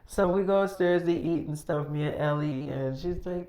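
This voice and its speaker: A woman's voice: low-pitched, normal speed, few pauses, mellow. A woman casually recapping a role-play story in a rambling, profane way, retelling who said what.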